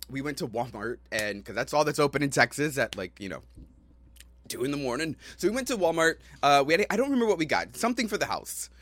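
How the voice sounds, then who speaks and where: A man's voice: medium pitch, fairly bright tone, no echo. A man co-hosting a podcast, telling stories in a rambling, laughing way with lots of fillers. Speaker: podcast co-host. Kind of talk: casual chat, storytelling.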